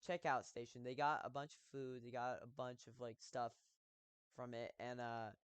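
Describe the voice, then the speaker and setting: A man's voice: mid-range voice, little pitch movement, normal speed, clean tone, no echo. Rambling young male streamer, dry close mic. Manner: rambling, many fillers and restarts, bursts of loud emphasis. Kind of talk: casual storytelling while gaming.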